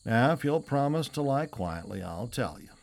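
Man doing a scheming kidnapper, falsely soothing, menacing, measured, audiobook. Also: medium pitch, big pitch swings, gravelly, voice pushed up. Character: scheming middle-aged male kidnapper. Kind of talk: audiobook character reading.

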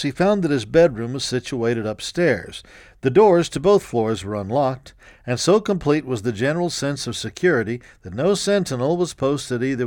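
A man reading a history audiobook in a measured, even storytelling manner. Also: medium pitch, dry recording, clean studio sound. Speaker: narrator. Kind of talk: scripted audiobook narration.

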